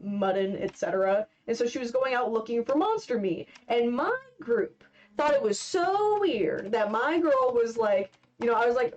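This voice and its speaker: Here a young woman with a slightly high, darkish voice talks loosely as she draws for her live stream. She wanders from thought to thought, filling silences with plenty of "um" and "like," and her dull lo-fi mic gives the audio a muffled quality.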